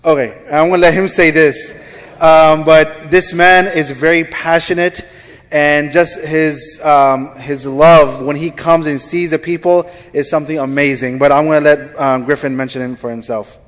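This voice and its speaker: A man serving as imam leads the recitation, then speaks warmly to the congregation with pauses and fillers. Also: fairly high pitch, steady tone. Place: large mosque hall. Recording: long hall reverb.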